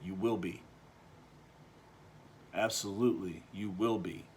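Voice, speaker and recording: A man from Texas, giving an opinion monologue that is full of restarts and swings between quiet, low stretches and loud, animated bursts. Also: slight background noise. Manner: halting, with frequent restarts and repeated words. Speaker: vlogger.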